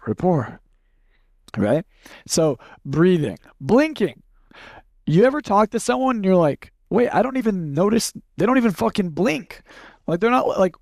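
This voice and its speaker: A young man with a high voice holds forth to a live audience in a loose, blunt way, swearing freely and acting out quotes as he tells stories. The sound is close and dry with no room echo. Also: a little mellow. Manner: blunt, profane, storytelling with acted-out quotes. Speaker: speaker teaching a live audience. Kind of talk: casual seminar talk.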